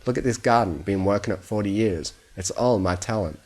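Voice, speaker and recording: A man voicing a kindly old male pony gardener who speaks calmly and gently, in a storybook reading. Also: fairly low pitch, brisk, natural voice. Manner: calm, gentle, conversational.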